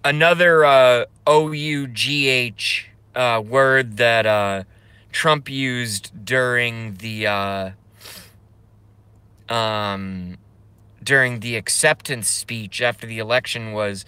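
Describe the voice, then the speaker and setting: A man's voice: mid-range voice, fairly even intonation, sharp tone, smooth, no echo. A man on a casual live stream, rambling and swearing, reading chat aloud and laughing often, with many trailing filler sounds. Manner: self-interrupting, drawn-out filler sounds.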